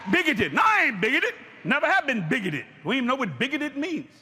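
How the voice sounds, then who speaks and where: Very high-voiced preacher, animated. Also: male voice, fast, a little hiss or hum. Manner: animated, joking, bursts into shouted emphasis. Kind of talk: sermon with storytelling.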